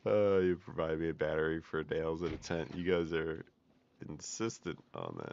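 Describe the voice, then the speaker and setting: A gaming streamer plays a survival game and chats casually with his viewers in live commentary. His bass voice is expressive, creaky, a little mellow and a little slow, with long pauses, captured on a dull lo-fi mic with faint noise.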